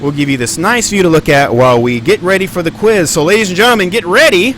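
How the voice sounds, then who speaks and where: A man's voice: high-pitched, fast talker, a bit bright, a little hiss or hum. A man giving live stream commentary on a flight simulator, rambling and thinking aloud with plenty of ums and uhs.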